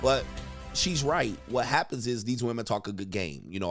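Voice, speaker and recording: A man's voice: medium pitch, animated, moderate pace, fairly bright tone, faint music behind. Crude, joking male commentary host. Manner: crude, joking, mimics voices. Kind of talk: casual reaction commentary.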